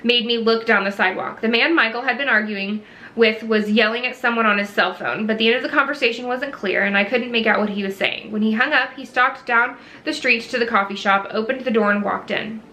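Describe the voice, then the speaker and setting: A woman's voice: a little high, bright, forceful tone. A woman reading a cozy mystery novel aloud, with small slips and restarts. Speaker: reader.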